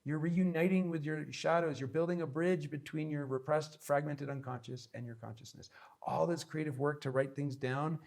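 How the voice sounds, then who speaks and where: A man's voice: a little high, fairly even intonation, normal speed, vocal fry, a little mellow. A man giving an instructional talk on spiritual practice, earnest and emphatic, with many repeated phrases. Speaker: spiritual teacher.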